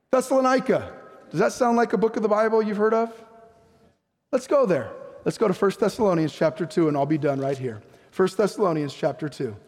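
A man's voice: sits high, darkish tone, big-room sound. A man preaching a sermon as pastor, emphatic, often putting questions to the congregation. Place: church sanctuary.

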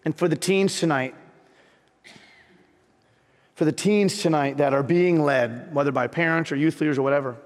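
A man's voice: on the high side, normal speed, long pauses, in a large hall. A man preaching a sermon as pastor, telling a personal story earnestly and building to fervent emphasis.

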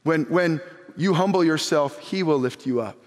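A man preaching an animated sermon as pastor, reading scripture aloud and acting out the people in it. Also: on the high side, moderate pace. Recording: long hall reverb.

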